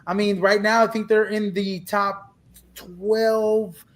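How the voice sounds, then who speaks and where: A man's voice: high-pitched, takes it slowly. A man co-hosting a sports podcast, talking casually and animatedly with lots of fillers and restarts. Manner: animated, talks over others, many fillers and restarts. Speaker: podcast co-host.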